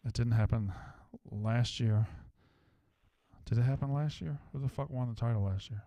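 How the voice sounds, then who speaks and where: A man's voice: mid-range voice, normal speed, dark tone, no room sound. A man hosting a casual sports talk show, rambling, joking and swearing as he talks with a caller. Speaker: host.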